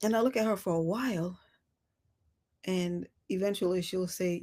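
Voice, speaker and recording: A woman hosting a live reflective talk, speaking softly and thoughtfully, with small laughs between her thoughts. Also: on the low side, normal speed. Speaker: host.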